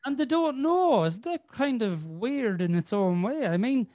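A man's voice: extremely high pitch, very animated, unhurried, darkish tone, no echo, clean studio sound. A middle-aged man, hosting a podcast as a rambling storyteller who swears freely. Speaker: podcast host. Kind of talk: casual chat.

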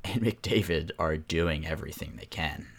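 A man's voice: extremely low pitch, normal speed, gravelly, breathy edge. A man co-hosting a casual sports chat, laid-back and agreeable, chiming in and backing up his partner. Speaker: podcast co-host.

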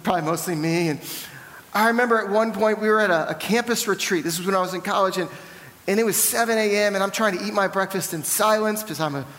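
A man's voice: high voice, fast talker, fairly bright tone, long reverb tail. A young man from the South, preaching a sermon in a church and telling candid, self-deprecating stories. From American South. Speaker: pastor. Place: church hall.

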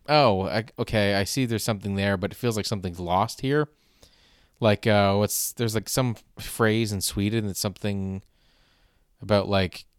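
Young male comic, rambling and halting delivery, smooth voice, dry close sound. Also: lowish voice, no echo. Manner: rambling, halting with many fillers. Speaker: stand-up comedian. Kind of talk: casual comedic monologue.

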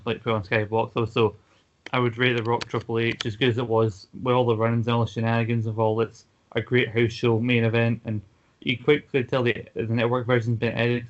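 Flat-voiced man ranting, lo-fi audio. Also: medium pitch. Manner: fast, filler-heavy ranting. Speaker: podcast co-host. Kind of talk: casual podcast chat. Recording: dull lo-fi podcast audio.

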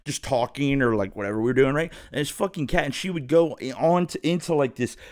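A podcast host in his thirties, speaking at medium pitch and a fairly quick pace, tells a rambling, profane story in a laid-back casual storytelling monologue.

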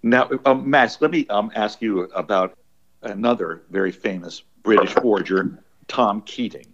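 Soft distant male interviewer. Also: on the low side, a little slow. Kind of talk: interview questions. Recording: distant, quiet and dull.

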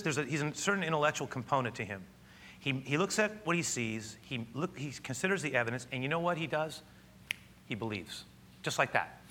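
A male pastor preaching a sermon, telling the story with animated delivery and sometimes dropping to hushed, intimate tones. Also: a little high.

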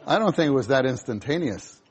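A male preacher giving a sermon, animated, acting out scenes in voices. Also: mid-range voice, a little fast.

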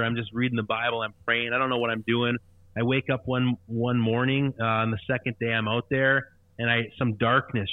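A man's voice: medium pitch, dry recording. A man in his thirties telling his conversion story earnestly, with frequent restarts. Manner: earnest, repetitive, halting restarts. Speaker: guest sharing conversion testimony. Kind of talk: personal testimony storytelling. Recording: tinny phone-like line, dry.

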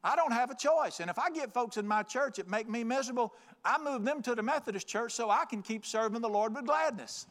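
A man's voice: very high-pitched, a little fast, a bit bright. A man preaching a folksy, joking, emphatic sermon. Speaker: pastor.

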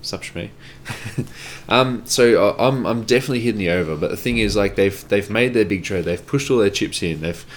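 A man's voice: on the low side, a little fast, slight background noise. A man co-hosting a sports podcast. He jokes around and uses lots of fillers while leading the team rundown. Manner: joking, filler-heavy, drives the rundown. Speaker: podcast co-host. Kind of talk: casual sports chat.

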